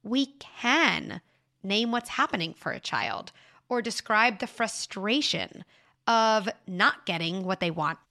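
A young adult woman hosting a parenting advice show, speaking in a calm, reflective, explanatory way as she answers a listener. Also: mid-range voice, slow. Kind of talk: advice podcast monologue.

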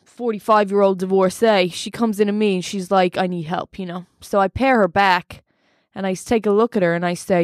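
A woman's voice: medium pitch, dry recording, studio quality, natural voice. A woman playing a brash, boastful American male self-help mentor who rambles with many fillers. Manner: rambling, cocky, full of fillers. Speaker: studio guest. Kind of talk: improvised comedy role-play.

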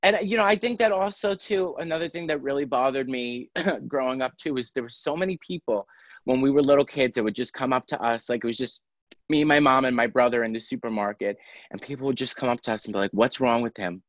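A man talking as a guest in a casual interview chat, telling stories in a chatty, animated way. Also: mid-range voice, quick pace, no echo. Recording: dry, dull lo-fi sound.

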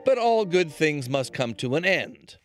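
A male news correspondent reading a scripted television report in a measured reporter's delivery. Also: on the high side, sing-song, soft background music.

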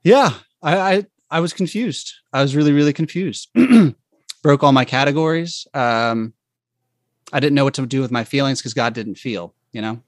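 Halting, reflective man, dry close sound. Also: medium pitch, animated, no echo. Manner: halting and reflective, with frequent restarts and fillers. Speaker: guest telling his faith story. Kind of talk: personal testimony in conversation.

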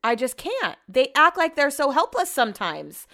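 A woman's voice: fairly high pitch, lively intonation, normal speed, few pauses, a bit bright. A young woman venting casually in a vlog, exasperated and ranting, swearing freely. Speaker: vlogger.

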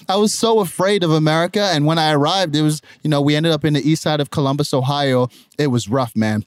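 A young adult man from Nigeria with a Nigerian accent, telling his life story in a lively, conversational way as a podcast guest. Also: fast, few pauses, no room sound, clean studio sound. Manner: animated, jumps into high mimicking voices when quoting others.

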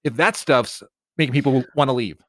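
A man's voice: medium pitch, a little fast, no echo, studio quality. A man filling in as co-host in a casual podcast chat, stammering and repeating words as he goes.

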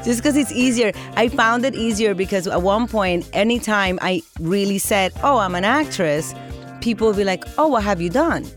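A woman being interviewed as a guest actress, chatting in an amused way with quick asides. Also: mid-range voice, faint music behind. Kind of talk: casual interview chat.

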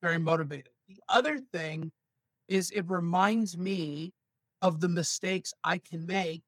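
A comedian and comedy instructor chatting in an interview, rambling through animated stories with many restarts. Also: male voice, sits high, unhurried, no room sound. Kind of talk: casual interview talk.

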